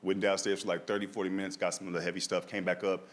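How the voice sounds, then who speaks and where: In a deep voice that barely moves in pitch, a male comedian tells a story at a quick pace at a live show with audience noise. He's conversational, often ending lines with "right?" and using "dog."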